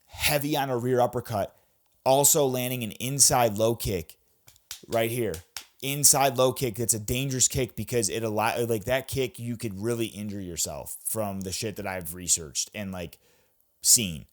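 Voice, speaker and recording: Young midwest guy hyped up about fights, cussing a lot, kinda low voice, keeps restarting sentences. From American Midwest. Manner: excitable, profane, rambling with frequent restarts. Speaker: MMA recap host. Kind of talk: casual fight recap.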